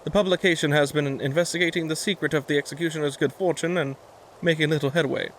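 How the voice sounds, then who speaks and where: A man reading the lines of a composed young male scholar from a video game, calm and explanatory. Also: fairly high pitch, quick pace, a little hiss or hum, natural voice. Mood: earnest. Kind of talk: reading game dialogue aloud.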